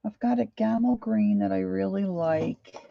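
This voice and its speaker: Slow, gravelly-voiced woman chatting while drawing. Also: mid-range voice, no room sound, muffled recording. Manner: chatty, self-deprecating, halting with fillers. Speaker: art journaling vlogger. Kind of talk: casual live drawing chat.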